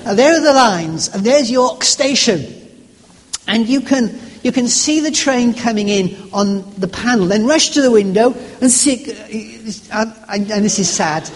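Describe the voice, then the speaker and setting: High-voiced preacher in a reverberant hall. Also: male voice. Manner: storytelling, conversational, with stumbles and asides. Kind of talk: sermon. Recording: long reverb of a large hall.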